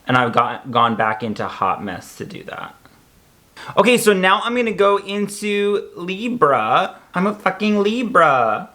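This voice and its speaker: Young male beauty vlogger, camp and chatty, light higher voice. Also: big pitch swings, measured pace, pushed and bright. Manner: chatty, campy, joking asides. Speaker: makeup reviewer. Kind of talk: casual product review vlog.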